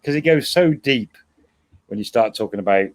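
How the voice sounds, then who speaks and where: A man's voice: fairly low pitch, animated, moderate pace. Middle-aged man, rambling chat. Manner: rambling, self-correcting storyteller. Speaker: co-host guest. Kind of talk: casual livestream chat.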